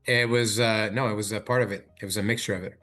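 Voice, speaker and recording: A man hosting a live trading stream, chatting in loose, slangy banter with quick laughs. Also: on the low side, fairly even intonation, a bit bright, soft background music. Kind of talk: casual chat while trading.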